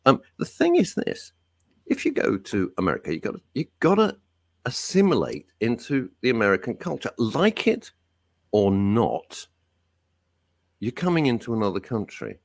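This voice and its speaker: A man hosting a talk radio show, delivering a blunt, opinionated rant with big swings in pitch. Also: wildly swooping pitch, normal speed, no echo, studio quality. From Britain. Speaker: radio host. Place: radio studio.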